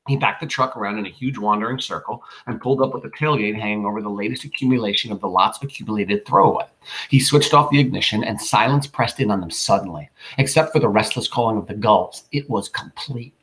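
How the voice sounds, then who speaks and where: A man reading a horror novel aloud in a measured, unhurried way, with small restarts. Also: lowish voice, a bit bright, rough recording. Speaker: audiobook reader. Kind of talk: scripted narration of a horror novel.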